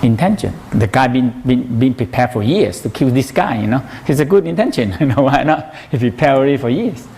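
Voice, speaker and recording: A man's voice: mid-range voice, animated, moderate pace, vocal fry, few pauses, a little mellow. A man teaching a massage workshop in broken English, often asking "you know?".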